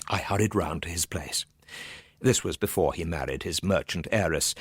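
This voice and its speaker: A man narrating a dark, suspenseful story in a tense voice that swings from low murmurs to urgent bursts. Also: husky, dry recording, studio quality.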